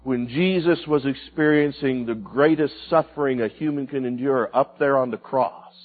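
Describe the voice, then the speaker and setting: A man preaching a sermon, swinging from loud cries to hushed, quiet lines. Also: mid-range voice, moderate pace. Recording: tinny phone-like sound with faint music.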